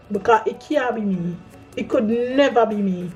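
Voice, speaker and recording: A woman tells a personal story in a relaxed vlog style, speaking her own quoted lines with lively flair. Her voice sits a little high yet sounds mellow and warm. Soft music plays faintly underneath. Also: unhurried, muffled recording. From Caribbean island. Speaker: vlogger. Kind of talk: casual storytime monologue.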